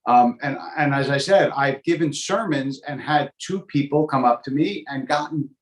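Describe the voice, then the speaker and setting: A man who teaches a weekly Torah class as a rabbi. He speaks conversationally, thoughtfully and with wry humor, and he wanders off on digressions with frequent ums. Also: fairly high pitch. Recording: roomy echo.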